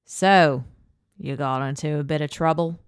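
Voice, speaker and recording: A woman voicing a calm, protective man with an Australian accent, steady and reassuring, in an audiobook. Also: fairly high pitch, a little slow, smooth, no room sound, studio quality, natural voice. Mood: wry.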